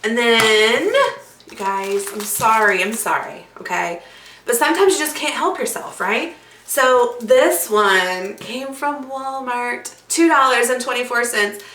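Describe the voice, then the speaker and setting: A woman's voice: on the high side, slow, fairly bright tone, a little hiss or hum. A woman hosting a casual craft tutorial, chatty and bubbly, with lots of fillers and asides. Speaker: craft video host. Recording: echoey room, mic at a distance.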